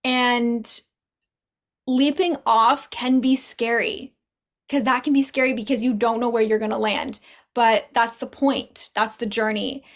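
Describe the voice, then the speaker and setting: A woman guest on a podcast, a spiritual teacher talking earnestly in casual chat, in quick bursts. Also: a little high, steady tone.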